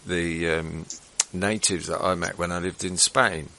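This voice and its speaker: A man's voice: sits low, fairly even intonation, a little slow, bright, forceful tone. A man from England co-hosting a talk show, telling his own stories in a laid-back, rambling way. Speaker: radio show co-host. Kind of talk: anecdotal storytelling on a talk show.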